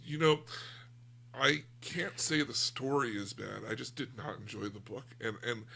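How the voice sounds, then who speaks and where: Gravelly, bright-voiced American guy, candid and rambling, casual podcast co-host. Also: medium pitch, unhurried. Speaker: book club podcast co-host. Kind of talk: casual chat.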